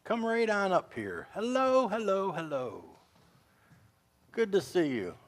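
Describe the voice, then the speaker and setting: A male pastor chatting with children and acting out a story with friendly, animated voices. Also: sits high, takes it slowly.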